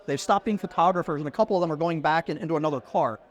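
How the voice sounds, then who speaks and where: Middle-aged man telling a lively story. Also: fairly high pitch, racing. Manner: lively storyteller who acts out quoted dialogue. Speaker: podcast guest. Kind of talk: casual anecdote telling. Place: conference venue.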